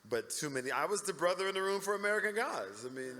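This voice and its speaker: A middle-aged man, a guest at a convention panel, telling animated stories and acting out the people in them. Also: high-pitched, fast. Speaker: interview guest. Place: large convention hall. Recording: reverberant hall.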